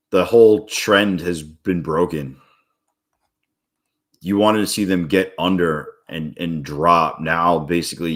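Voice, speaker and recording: A man's voice: extremely low pitch, fairly bright tone. A man streaming his day trading live, talking viewers through chart moves in a casual, blunt way and swearing freely when a trade goes wrong.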